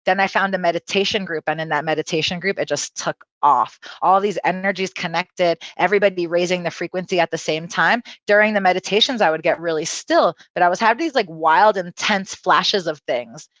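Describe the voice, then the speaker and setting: A woman who is a podcast guest and spiritual healer, telling a personal story with animated, profane energy and acting out quotes. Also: on the low side, fairly quick, few pauses, no room sound, highs cut off.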